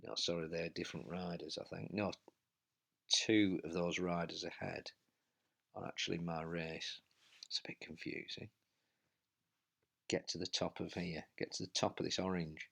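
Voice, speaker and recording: A man's voice: deep voice, flat delivery, moderate pace, vocal fry, pauses often, a bit bright, husky. A man commentating on his own indoor bike race as he rides, out of breath and urging himself on. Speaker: cycling vlogger. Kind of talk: live race commentary while riding.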